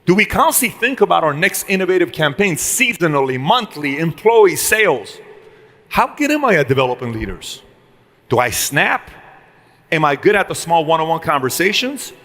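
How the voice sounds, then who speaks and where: A man's voice: fairly high pitch, big pitch swings, normal speed, sharp tone, long reverb tail. A man giving a live motivational speech to a room, punchy and full of rhetorical questions. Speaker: motivational speaker.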